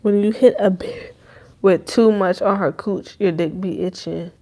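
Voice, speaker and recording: A woman's voice: medium pitch, fairly even intonation, unhurried, mellow. A young adult woman hosting a podcast, rambling in loose, profane slang in casual chat. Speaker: podcast host.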